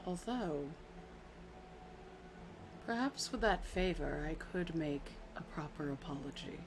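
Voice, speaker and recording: Solemn goddess, slow and grave, voiced by a woman in a tabletop game. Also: deep voice, animated, noisy background, heavily acted. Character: the Raven Queen, solemn goddess. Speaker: game master.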